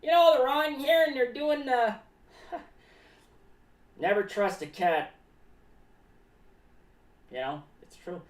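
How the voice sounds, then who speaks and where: A woman's voice: high-pitched, slow pace, pauses often, recorded from a distance. A woman voicing a rambling, eccentric clown who talks about himself in the third person and is paranoid about cats, streaming live. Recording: echoey room, voice away from the mic.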